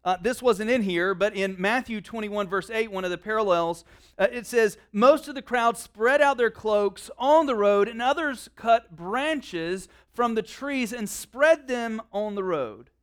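A man preaching a casual sermon, reading scripture aloud and slipping into quiet conversational asides. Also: high voice, a little slow, clean tone. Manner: conversational, drops to quiet asides, many "like" fillers.

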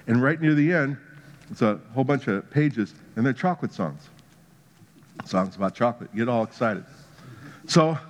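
A pastor preaching a sermon in a mid-pitched voice. He tells a playful, humorous story and drives home his points with rising emphasis.

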